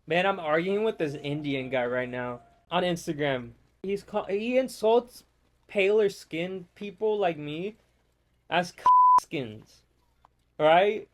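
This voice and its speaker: An American man chatting casually while playing a game, rambling and swearing as he rants. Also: a little high. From United States. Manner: rambling, profane, ranting. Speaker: gamer. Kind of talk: casual gameplay chat.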